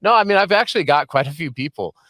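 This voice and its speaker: A man's voice: fairly high pitch, lively intonation, fast talker, pushed and bright, no echo. A man hosting a podcast from a home studio, chatting casually and joking often with his guest. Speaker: podcast host. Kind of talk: casual interview chat.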